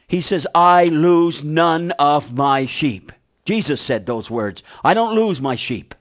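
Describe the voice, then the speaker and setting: A man preaching a sermon, asking the congregation questions and repeating key phrases for emphasis. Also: high-pitched. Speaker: pastor.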